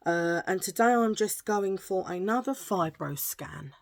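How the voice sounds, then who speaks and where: A middle-aged woman talks casually to her viewers, playful and given to dropping into hushed asides. Her voice sits at an ordinary pitch. The sound is close and dry. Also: animated, unhurried, gravelly, no echo. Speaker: vlogger. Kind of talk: casual chat to camera.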